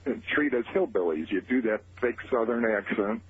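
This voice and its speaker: A man's voice: fairly low pitch, animated, moderate pace. A man calling a radio talk show to complain, speaking hesitantly and restarting his sentences. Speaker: caller. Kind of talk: phone call to radio show. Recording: tinny phone line with hiss.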